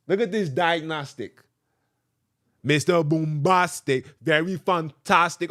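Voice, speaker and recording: A man hosting a podcast, ranting and joking, looping back over the same phrases. His fairly high voice jumps all over the place, as he mixes comment with reading a letter aloud. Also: measured pace. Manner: animated, ranting, repeats phrases, jokes. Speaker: podcast host.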